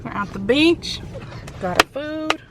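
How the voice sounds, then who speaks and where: A woman's voice: sits high, animated, a little slow, heavy background noise. A woman in her twenties chatting casually and upbeat to her vlog audience. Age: 20s. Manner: chatty, upbeat, says "y'all". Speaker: vlogger.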